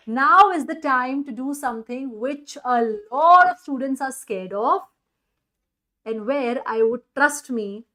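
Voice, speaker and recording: A woman maths teacher with an Indian English accent, giving an energetic online exam-prep lecture and coaxing students with questions. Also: fairly high pitch, unhurried.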